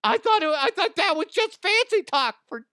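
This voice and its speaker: A man puts on a dimwitted young guy, loud and outraged. His voice jumps high and shouts in disbelief. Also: animated, moderate pace, no room sound, studio quality, heavily acted.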